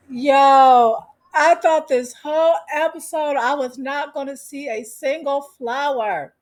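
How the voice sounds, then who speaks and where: Woman vlogger, sassy slangy recap, teasing, high voice, unhurried delivery. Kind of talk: casual show recap.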